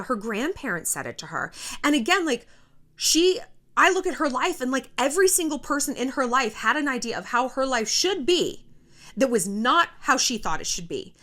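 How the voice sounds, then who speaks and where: A woman's voice: high voice, a bit bright. A woman in her thirties hosting a casual motivational vlog, blunt and profane. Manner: blunt and profane, pep-talk tone. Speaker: YouTube host. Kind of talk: casual motivational talk to camera.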